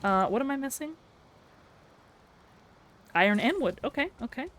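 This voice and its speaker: A woman live-streaming a game, chatting casually and playfully with her viewers and reacting out loud to the action. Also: sits high, expressive, moderate pace. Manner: chatty and playful, breaks into yelps and laughter. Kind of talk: casual live-stream chat while gaming.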